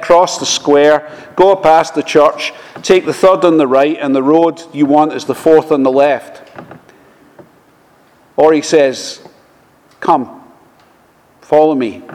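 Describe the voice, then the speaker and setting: A man preaching a sermon, speaking slowly and measuredly, often quoting scripture. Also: fairly high pitch, a little mellow. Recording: long reverb of a large hall.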